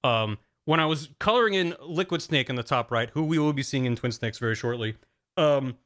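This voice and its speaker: A man's voice: mid-range voice, expressive, a little fast, a bit bright. A young man chatting casually on a live stream, rambling with frequent stammered restarts.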